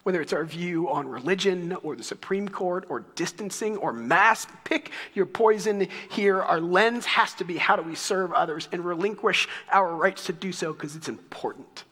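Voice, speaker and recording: A pastor with a Texan accent preaching a sermon in a conversational, storytelling way, with light asides. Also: male voice, sits high, moderate pace, hardly any pauses, pushed and bright, in a large hall.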